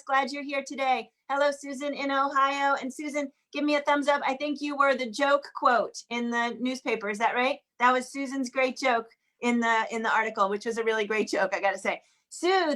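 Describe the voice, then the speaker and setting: A woman's voice: high-pitched, a bit bright. Upbeat woman hosting an online sing. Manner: upbeat, chatty, lists names quickly. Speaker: host of an online group sing. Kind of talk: warm welcome, greeting attendees by name. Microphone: video call.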